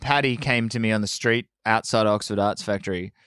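A man's voice: on the low side, fairly quick, fairly bright tone, clear, resonant tone, dry recording, clean studio sound. A man in a casual interview, telling band stories in a laid-back, self-mocking way. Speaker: band member, guest. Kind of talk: casual storytelling.

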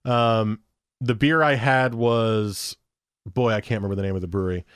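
A man's voice: fairly low pitch, steady tone, normal speed, clear, resonant tone, no room sound, clean studio sound. A man co-hosting a podcast, chatting casually about beer and telling rambling stories with acted-out dialogue. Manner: rambling, storytelling, acts out quoted dialogue. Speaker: podcast co-host.

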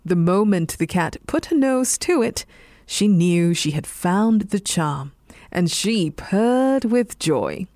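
A woman with a Singaporean English accent, reading a bedtime story in a slow, soothing voice. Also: medium pitch, no echo, clean studio sound. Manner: slow, soothing, lively intonation.

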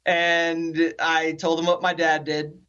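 A man from the Philadelphia area telling stories as a guest in a conversational interview, animated and acting out the quotes. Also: on the high side, takes it slowly, clear, resonant tone, highs cut off. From Philadelphia area, USA. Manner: animated storyteller, acts out quotes.

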